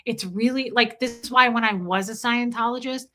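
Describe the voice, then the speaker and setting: Bright-voiced woman telling a candid story. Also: on the high side, normal speed, a little hiss or hum. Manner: candid, emphatic. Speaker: livestream host. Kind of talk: casual storytelling livestream.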